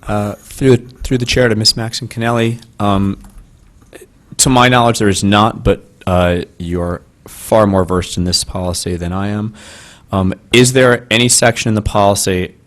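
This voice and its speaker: Board member, a man with a very deep voice, halting and formal. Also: fairly even intonation. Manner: hesitant, formal, with many fillers. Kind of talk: meeting discussion.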